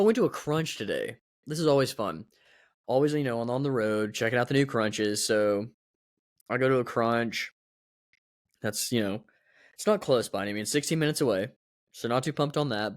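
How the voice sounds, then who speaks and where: Young man, solo podcast host, rambling casual chat, self-mocking, mid pitch, dry close sound. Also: no room sound.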